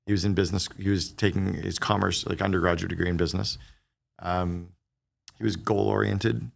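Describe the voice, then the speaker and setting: A middle-aged man, a guest on a business podcast, telling stories in a quick, animated conversational way and acting out the dialogue he quotes. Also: low voice, creaky. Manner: fast, animated storyteller who acts out quoted dialogue.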